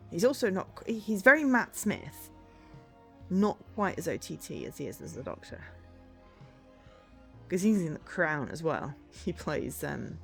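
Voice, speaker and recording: A woman's voice: fairly low pitch, big pitch swings, measured pace, creaky, pauses often, a bit bright, soft background music. A woman in her thirties, a streamer chatting casually and rambling between tangents while she plays. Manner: rambling, chatty, self-deprecating. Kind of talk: casual chat while livestreaming a game.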